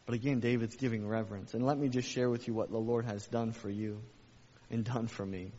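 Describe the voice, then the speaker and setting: A man's voice: medium pitch, steady tone, a little fast, mellow, slight background noise. A man preaching a sermon as a pastor, emphatic, with repeated phrases and rhetorical questions. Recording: echoey hall, dull lo-fi sound.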